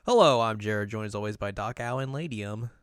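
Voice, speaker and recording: A man hosting a casual podcast, chatty and quick to laugh. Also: fairly low pitch, clear, resonant tone, no room sound, studio quality. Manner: chatty, laughs often, speeds up when excited. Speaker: podcast host.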